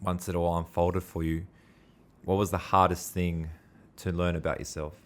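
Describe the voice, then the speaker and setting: A young podcast host speaks in a very deep voice. He talks in a relaxed way and fills his sentences with "like". He sounds casual and unhurried. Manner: relaxed, hedging with lots of "like". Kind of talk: casual chat.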